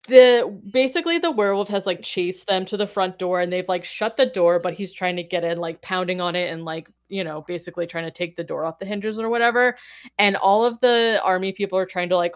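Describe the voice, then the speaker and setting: A woman hosting a podcast, chatting her way through a film's plot in a relaxed, rambling way full of fillers and quick laughs. Her voice sits at an ordinary pitch. The audio is slightly dull and muffled. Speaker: podcast host. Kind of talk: casual movie recap chat.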